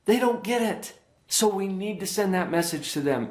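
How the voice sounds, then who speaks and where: A man's voice: high-pitched, lively intonation, moderate pace, darkish tone. Earnest man lecturing in an echoey room. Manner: earnest, teacherly, checks in with the audience. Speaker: workshop presenter, psychologist. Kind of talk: parenting workshop lecture.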